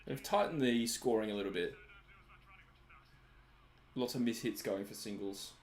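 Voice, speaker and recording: An Australian man hosts a live stream, chatting casually as he watches a match, laughing often and responding to viewers' comments. His voice is lowish and unhurried.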